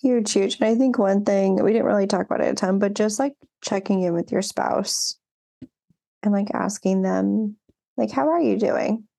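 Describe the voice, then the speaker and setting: A young woman co-hosting a podcast, talking in a relaxed, agreeable way with quick laughs. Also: medium pitch, vocal fry. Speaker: podcast co-host. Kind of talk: casual chat.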